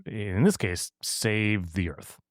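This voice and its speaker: A man's voice: on the low side, slow pace, no echo, clean studio sound. A man co-hosting a casual podcast, rambling a little and laughing at his own stories. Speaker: podcast co-host. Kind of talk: casual chat.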